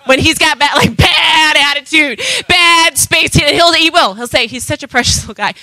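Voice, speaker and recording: Bright, high-voiced woman preaching. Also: moderate pace, poor audio. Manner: impassioned, swings between loud emphatic calls and soft asides. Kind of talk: sermon.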